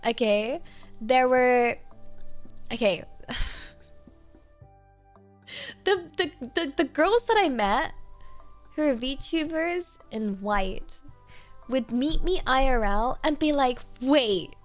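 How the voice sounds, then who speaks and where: A woman's voice: high-pitched, expressive, takes it slowly, pauses often, soft background music. A young woman from Britain, a streamer chatting casually in a bubbly, rambling, giggly way. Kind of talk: casual livestream chat.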